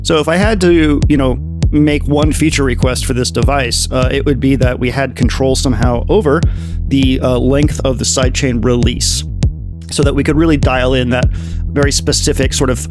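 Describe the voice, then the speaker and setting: A man's voice: mid-range voice, fairly even intonation, moderate pace. A man hosting a casual synth module demonstration, talking loosely with lots of fillers as he thinks aloud. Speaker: synth demo host. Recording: music from synth modules behind. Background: drum machine and synth music.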